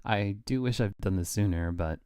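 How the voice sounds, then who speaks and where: Low-voiced man chatting through a manga reaction. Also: normal speed, darkish tone, clear, resonant tone, no room sound, clean studio sound. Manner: chatty, laughing, many restarts. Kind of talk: casual reaction stream.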